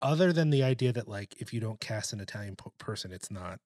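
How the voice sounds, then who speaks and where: A man co-hosting a casual film chat, opinionated and profane, talking in an animated way. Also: on the low side, fast, no echo, studio quality.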